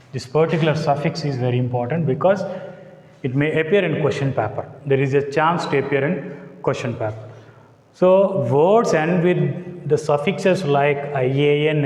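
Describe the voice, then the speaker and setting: A man's voice: fairly high pitch, darkish tone, echoey room, big-room sound. A man teaching English with an Indian English accent, spelling out letters, repeating words and checking "got it?". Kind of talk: classroom lecture.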